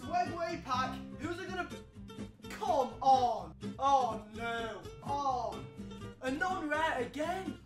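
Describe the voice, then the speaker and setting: A young man commentating a video game pack opening, excitable and loud, shouting and laughing at the reveals, with music playing behind him. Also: very high-pitched, takes it slowly. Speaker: gaming YouTuber. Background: background music.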